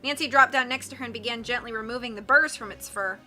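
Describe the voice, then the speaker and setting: Woman audiobook reader, bright and somewhat high, steady expressive narration. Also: fast, faint music behind. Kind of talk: reading a mystery novel aloud.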